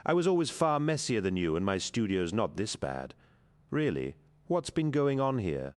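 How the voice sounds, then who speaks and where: Frantic, urgent male artist, played by a deep-voiced narrator pitching his voice up. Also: big pitch swings, normal speed. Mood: agitated. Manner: exasperated, urgent, raised pitch.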